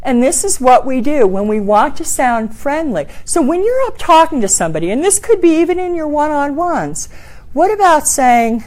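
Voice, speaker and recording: Middle-aged woman, workshop speaking coach, lively swooping pitch, slightly high voice, classroom talk. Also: normal speed. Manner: animated, acts out voices for examples.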